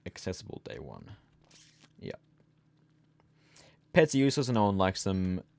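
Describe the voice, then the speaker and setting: A man's voice: deep voice, huge pitch swings, moderate pace, creaky, no room sound. A sleepy young man streaming a game, chatting casually and rambling as he trails off into mumbles. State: sleepy, yawning. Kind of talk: casual gameplay chat.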